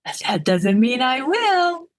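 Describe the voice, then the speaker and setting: A woman acting out a very drunk young woman, loud and giddy, her words wobbling and sing-song. The voice is fairly low and sounds dry and close to the mic. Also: sing-song, moderate pace, no echo.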